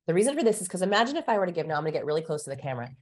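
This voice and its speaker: Woman guest with a fairly low voice, explains things energetically like a teacher. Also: sing-song, rapid-fire. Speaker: guest communication researcher. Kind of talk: explanatory interview talk.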